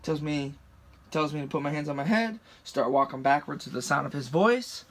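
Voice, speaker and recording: Young guy, storytime vlog, cursing and heated, fairly high, bright voice. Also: lively intonation, normal speed. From rural United States. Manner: profane, heated retelling. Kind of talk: casual storytime.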